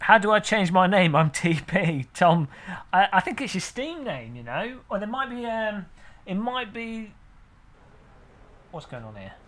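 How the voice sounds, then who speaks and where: The sim racer's voice sits high with a sing-song lilt and a bit of brightness, though he takes his time. He chats and cracks jokes on stream, reading out viewer names from chat mid-race.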